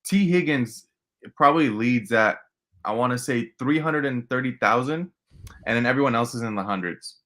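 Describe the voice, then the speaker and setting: A man co-hosting a casual sports betting show, giving measured, thoughtful analysis and hedging his picks. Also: mid-range voice, a bit bright. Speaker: co-host.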